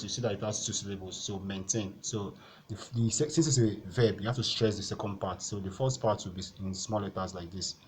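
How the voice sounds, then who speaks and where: A man's voice: fairly low pitch, a little mellow, a little hiss or hum. A man teaching an exam-prep lesson, explaining step by step and repeating the key points.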